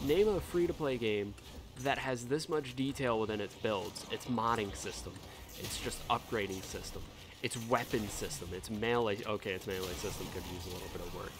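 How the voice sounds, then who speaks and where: A man ranting in a casual gaming vlog, animated and heated, swearing freely as he argues his point. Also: lowish voice, brisk. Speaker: gaming video creator.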